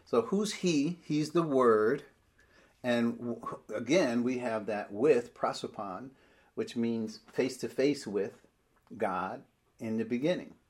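A man teaching a bible study, explaining verses step by step and slowing down when he reads scripture aloud. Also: mid-range voice, darkish tone.

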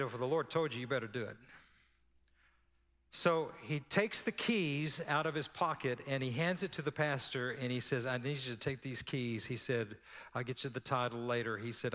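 A man's voice: mid-range voice, a bit bright. A male pastor preaching a sermon in a conversational, storytelling way, with laughing asides and acted-out quotes. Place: church sanctuary. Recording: long church hall reverb.

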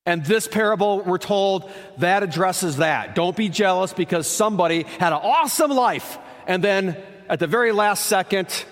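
A man preaching a sermon in a conversational way, asking rhetorical questions and dropping quiet for emphasis. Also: high-pitched, animated, normal speed. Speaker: pastor. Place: church. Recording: reverberant church hall.

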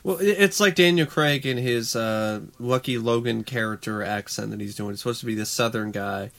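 A man's voice: mid-range voice, normal speed, gravelly, fairly bright tone. Laid-back man co-hosting a podcast. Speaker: podcast co-host. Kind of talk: casual podcast chat.

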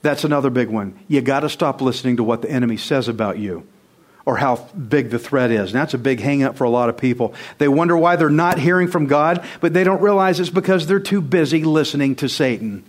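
A man's voice: medium pitch, brisk. A male pastor preaching a sermon, emphatic and conversational, firing rhetorical questions straight at his congregation. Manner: conversational, direct address to the congregation.

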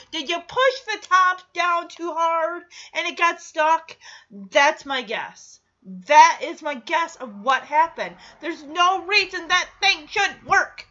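Woman, episode recap, exasperated and sarcastic, high voice, swooping delivery. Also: big pitch swings, a little slow, pushed and bright, highs cut off.

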